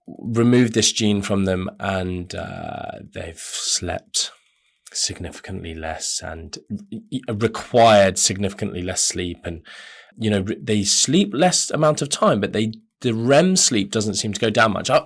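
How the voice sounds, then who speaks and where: A man hosting a podcast, talking in a rambling, self-correcting casual monologue. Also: on the low side. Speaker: podcast host.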